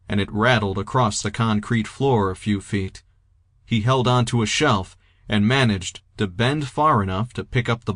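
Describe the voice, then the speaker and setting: A man reading a novel aloud in a steady, even audiobook narration. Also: lowish voice, no room sound, clean studio sound. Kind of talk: scripted narration.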